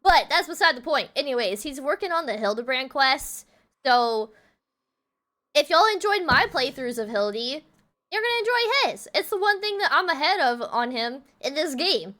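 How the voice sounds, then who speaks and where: A woman's voice: high-pitched, sing-song, moderate pace, sharp tone. A woman with a Texan accent, chatting playfully and giggling as she streams a game. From Texas. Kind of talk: casual live-stream chat while gaming.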